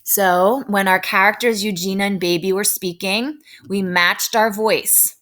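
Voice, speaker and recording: A woman teacher giving a recorded reading lesson for children, explaining slowly and checking in with tag questions. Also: mid-range voice, fairly even intonation, fairly bright tone. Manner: slow, deliberate explaining, frequent tag questions.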